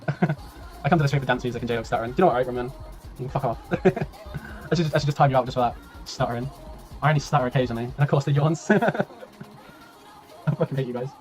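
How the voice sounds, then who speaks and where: A man casting a strategy game tournament on a live stream, chatty and laughing, with a tiring voice that he keeps clearing. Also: mid-range voice, a little fast, long pauses, faint music behind. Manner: chatty, laughing, rambling, swears, reads chat aloud. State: voice tiring, clearing throat often. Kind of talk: casual live-stream commentary.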